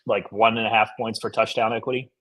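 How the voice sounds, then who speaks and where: A man's voice: on the low side, level tone, fast, a bit bright, slight background noise. A man co-hosting a sports betting podcast, giving blunt, matter-of-fact takes on the numbers. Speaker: podcast co-host. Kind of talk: casual sports betting chat.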